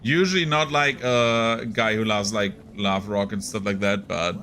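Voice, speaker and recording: A man's voice: fairly low pitch, measured pace, pushed and bright, faint music behind. A young man casually commenting on his gameplay, rambling and chatty with lots of fillers. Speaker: gaming streamer.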